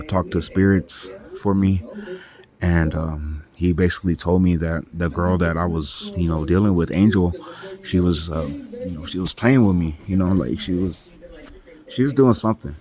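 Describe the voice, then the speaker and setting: A Californian man with a low, darkish voice tells a personal story in a casual, rambling style, packed with "like" and "you know." Crowd chatter is clearly audible behind him.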